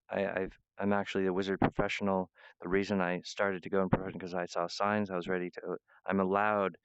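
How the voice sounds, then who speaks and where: Rambling, apologetic man, low and smooth. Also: no room sound, highs cut off. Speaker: self-styled wizard pitching himself. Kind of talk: rambling monologue to viewers.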